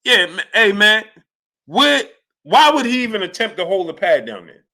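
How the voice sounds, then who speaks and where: A man's voice: high-pitched, normal speed. A man hosting a live sports stream, reacting with disbelief, repeating himself and reading out viewer chat messages. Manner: animated, incredulous, repeats phrases. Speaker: sports channel host. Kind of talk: live-stream commentary reading super chats.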